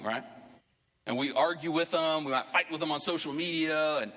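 A man's voice: a little high, normal speed, sharp tone, long reverb tail. A man preaching a sermon to his church as pastor, talking conversationally and rising into emphatic bursts. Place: church sanctuary.

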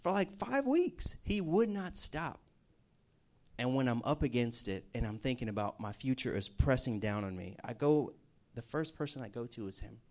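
A man's voice: medium pitch, very animated, normal speed, a little mellow. A man preaching a personal testimony, telling it as a casual story with jokey asides. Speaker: campus ministry speaker.

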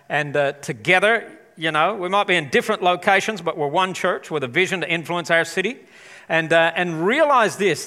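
Bright, lively pastor in a big hall. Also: male voice, fairly high pitch. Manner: enthusiastic, chatty, rallies the congregation. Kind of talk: live church sermon. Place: large church auditorium. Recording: long hall reverb.

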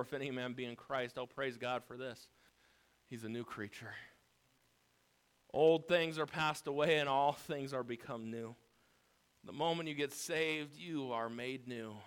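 A man preaching a sermon, with dramatic swings from hushed, low passages to emphatic shouting and repeated punchlines. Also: clear, resonant tone. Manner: emphatic repetition.

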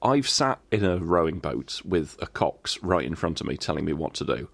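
Man, podcast co-host, deadpan grumbler, animated intonation, dry sound. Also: extremely low pitch, moderate pace, gravelly, husky, no room sound. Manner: deadpan grumbling, swears, acts out complaints. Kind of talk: casual chat.

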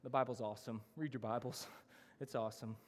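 This pastor's sermon comes in a mid-range voice, brisk and fairly even in intonation. Earnest and emphatic, he runs through his points in lists, with the church hall lending a long reverb.

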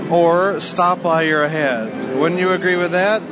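A man's voice: fairly high pitch, lively intonation, normal speed, music in the background. A man hosting a podcast in casual chat, joking about gambling. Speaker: podcast host.

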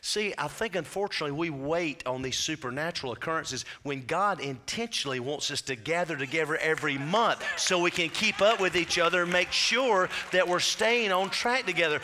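A man's voice: high-pitched, bright, forceful tone. A man preaching a sermon as pastor, telling stories in a chatty way with asides. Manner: storytelling preacher, conversational asides.

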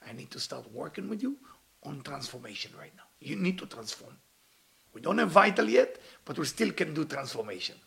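A man voicing a stern older male spiritual leader who rebukes and later guides a follower, in a gravelly, bright voice. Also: a little high, sing-song, fairly quick, full character voice. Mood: firm, calm.

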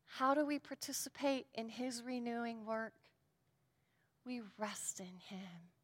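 A woman giving a sermon and a prayer, earnest and shifting between emphatic lines and hushed ones. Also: a little high, unhurried, big-room sound. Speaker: speaker at a devotional.

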